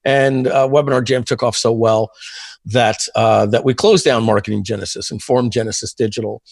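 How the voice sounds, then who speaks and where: A man in his fifties, a guest telling long stories in a casual interview, rambling with many fillers and frequent throat-clearing. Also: medium pitch, fairly even intonation, normal speed, dry recording. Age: 50s. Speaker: guest, software entrepreneur.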